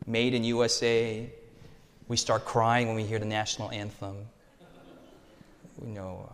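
A young American man preaching a sermon with animated rhetorical contrasts and call-and-response. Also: mid-range voice, measured pace, pauses often. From United States. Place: church hall. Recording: reverberant hall.

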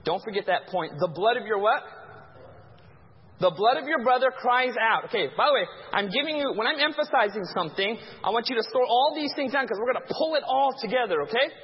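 A man with a very high voice leads an interactive Bible teaching and keeps pausing for listeners to fill in the blanks. His voice carries a long hall reverb, and the recording sounds dull and muffled. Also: animated. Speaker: pastor teaching a Bible class.

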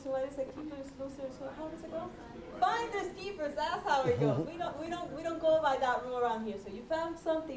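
Woman reading out event notices, kinda high voice, chatty and joking, echoey hall from far off. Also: darkish tone, a little hiss or hum. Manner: chatty, joking, slow and deliberate. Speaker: event announcer. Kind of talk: announcements at a gathering.

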